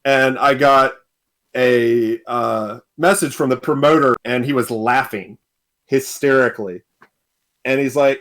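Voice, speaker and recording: A man's voice: medium pitch, a little slow, a bit bright. Young guy, podcast guest, chatty storyteller who laughs a lot. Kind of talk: casual storytelling.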